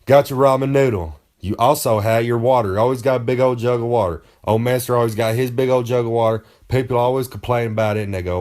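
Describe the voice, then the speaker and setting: A man holding forth in a comedic monologue, a wrestler handing out tips for life on the road. He brags and rambles in loose, folksy slang, with a voice at a middling pitch. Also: fairly even intonation, fast, hardly any pauses, darkish tone.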